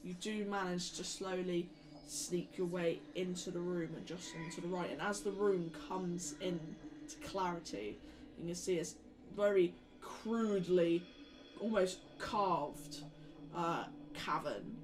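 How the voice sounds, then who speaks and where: A woman's voice: lowish voice, unhurried, low-quality recording. Woman running a tabletop game. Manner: relaxed, descriptive storytelling with fillers. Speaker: game master.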